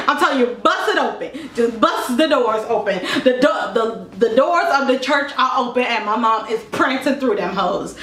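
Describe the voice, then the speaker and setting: Vlog lead: high-voiced young woman, animated comic storyteller, roomy echo, a bit off-mic. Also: slight background noise. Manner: animated, exaggerated, laughing through lines. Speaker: vlogger. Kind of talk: comedic storytelling monologue. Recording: echoey room, mic at a distance.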